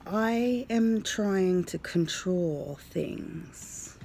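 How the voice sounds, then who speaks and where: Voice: mid-range voice, takes it slowly, creaky, darkish tone, slight background noise. A vlogger casually retelling a dream to their viewers, rambling with many fillers and sometimes dropping into a whisper. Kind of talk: casual storytelling to camera.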